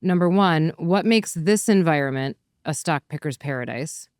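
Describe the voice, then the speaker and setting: Woman host with a lowish voice. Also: expressive, no echo, clean studio sound. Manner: brisk, structured questioning. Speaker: podcast host. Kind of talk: interview hosting.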